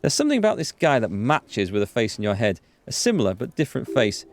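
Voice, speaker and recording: A man hosting a let's play, reading the game's dialogue aloud with quick asides to viewers. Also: vocal fry. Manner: reads dialogue aloud with quick asides, jumps in pitch when excited. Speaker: gaming channel host.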